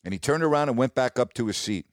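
A man's voice: lively intonation, fast, no echo. Reminiscing middle-aged male sportscaster, dry sound. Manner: warm, reminiscing, quotes others in a lowered voice. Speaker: sports broadcaster, podcast host. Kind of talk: casual storytelling monologue.

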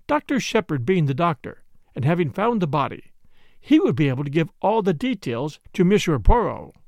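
A man's voice: fairly high pitch, very animated, moderate pace, a little mellow, no room sound. A man voicing an earnest, defiant young woman who pleads insistently in an audiobook reading.

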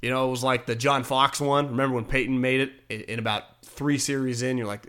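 A man talking casually about football, animated, swearing now and then and acting out quotes. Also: medium pitch, quick pace, slight background noise. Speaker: sports talk show host. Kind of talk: casual sports chat.

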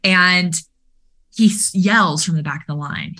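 Low bright-voiced woman telling a story. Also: measured pace. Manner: animated, many fillers, acts out quoted dialogue. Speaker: guest, mental performance coach for baseball players. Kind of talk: conversational storytelling.

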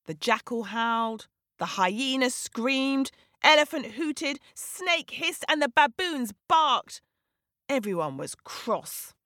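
A woman storyteller reads a children's folk tale in a very slow, animated, dramatic way. Her voice sits fairly high, and the recording is close and completely dry. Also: no room sound. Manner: animated, dramatic, sweeping rises in pitch. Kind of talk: expressive storybook narration for children.

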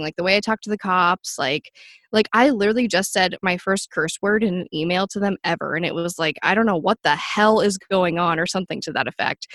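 A woman's voice: lowish voice, fairly bright tone, dry recording, clean studio sound. Earnest young woman, polite and chatty. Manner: polite, earnest, filler-heavy. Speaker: podcast guest. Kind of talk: casual interview chat.

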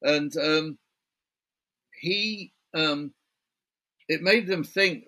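A man's voice: fairly high pitch, very slow, long pauses, sharp tone. A British man, an author guest in a remote interview, chatty and building his story point by point. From Britain.

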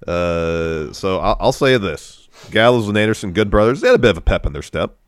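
A man co-hosting a podcast, chatting casually and recapping events in a relaxed way. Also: low-pitched, brisk, smooth, no room sound, studio quality. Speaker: podcast co-host. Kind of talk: casual chat recapping wrestling.

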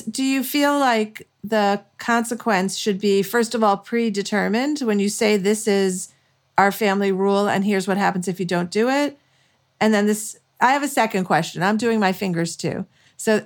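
Chatty woman co-hosting a podcast. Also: mid-range voice. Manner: chatty, thinks aloud while asking questions. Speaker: podcast co-host. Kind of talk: casual podcast interview.

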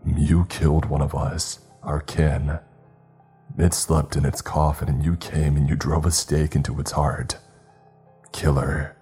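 A man voicing a cruel, vengeful male vampire leader in a slow, cold, menacing way. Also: rumbling low, level tone, mellow, soft background music. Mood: accusing.

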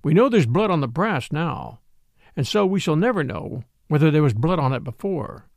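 A man voicing a little, mild but shrewd priest who speaks quietly and measuredly in a storybook reading. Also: a little high, big pitch swings, creaky, dry recording. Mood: calm. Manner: quiet, measured, gently pointed.

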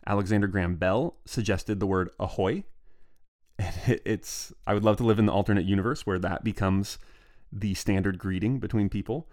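A podcast host, male, speaks at a normal pace in a fairly low, slightly mellow voice. He narrates history on his own in a casual, loose style, drifting off on tangents like a stream of consciousness.

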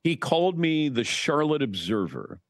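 A man's voice: on the high side, normal speed, dry recording. A man telling stories as a guest in a casual podcast chat, swearing casually now and then. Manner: storytelling, lively, swears casually.

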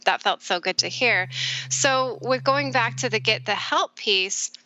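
A middle-aged woman, a therapist guest, speaking candidly and reflectively in a conversational interview, with soft laughs along the way. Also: a little high, measured pace, lo-fi sound. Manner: warm, reflective, often laughing softly.

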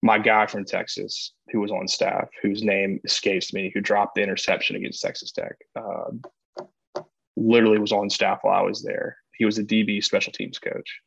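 Low-voiced man rambling about football. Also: little pitch movement, normal speed, gravelly, fairly bright tone, slightly rough, dry recording, dull audio. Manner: rambling, restarts often, laughs easily. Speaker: podcast co-host, former player. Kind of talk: casual sports podcast chat.

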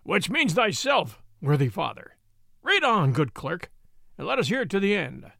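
A furious, scornful robber baron barks commands, as a male narrator puts him on. The voice sits fairly high and swings widely, recorded dry and close. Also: wildly swooping pitch, normal speed, gravelly, pushed and bright, dry recording, exaggerated voice. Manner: roaring, commanding. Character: furious cruel robber baron, middle-aged man.

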